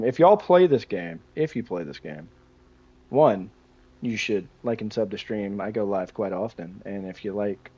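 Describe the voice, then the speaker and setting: An American man in his twenties talks loosely to his viewers while gaming, his pitch swinging up and down with lively energy. He reacts, jokes and curses between reading chat messages. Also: breathy edge. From United States. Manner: chatty, swearing, reacting to chat and gameplay. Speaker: live streamer. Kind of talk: casual live-stream chat while gaming.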